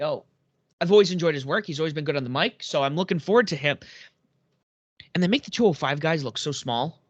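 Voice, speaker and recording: Lively higher-voiced man chatting excitedly. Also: fast, no room sound, highs cut off. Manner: excitable, rambling, laughs. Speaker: podcast co-host. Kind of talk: casual wrestling chat.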